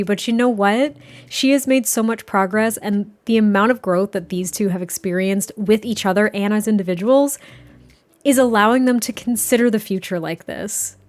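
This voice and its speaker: A woman hosting a gaming channel, chatting excitably through casual gameplay commentary. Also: mid-range voice. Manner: excitable, chatty, frequent laughs and repeats.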